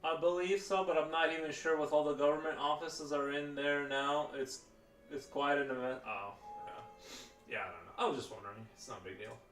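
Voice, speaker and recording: A man's voice: a little high, fairly even intonation, brisk, a bit bright, faint music behind. Rambling streamer man, roomy distant sound. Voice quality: rambling, filler-heavy, many restarts. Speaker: livestreamer. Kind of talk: casual live-stream chat. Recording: roomy, distant mic, faint background noise.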